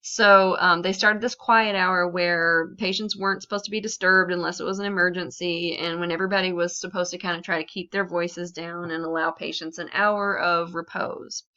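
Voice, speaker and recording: A woman giving a conversational lesson on writing, explaining points with examples and frequent pauses and ums. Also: fairly low pitch, steady tone, pushed and bright, dull audio. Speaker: academic writing specialist. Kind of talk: instructional talk on writing.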